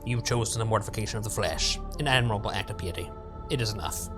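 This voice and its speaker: Grim male lector, commanding and solemn; a man reads him from game text, quick delivery, faint music behind. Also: on the low side, pitched below the performer's own voice, lightly acted. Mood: grave. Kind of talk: reading game dialogue aloud.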